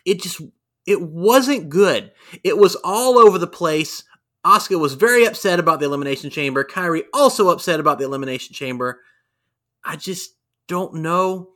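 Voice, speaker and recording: Bright-voiced man chatting about wrestling. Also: high voice, normal speed. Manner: animated, acts out quotes in raised voices. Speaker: podcast co-host. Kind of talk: casual wrestling review chat.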